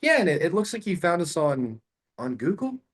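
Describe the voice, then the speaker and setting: A man acting as a calm, curious cold caller. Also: a little high, moderate pace, breathy edge, pitched above the performer's own voice. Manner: calm, relaxed, curious phone tone. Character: friendly, curious male phone caller.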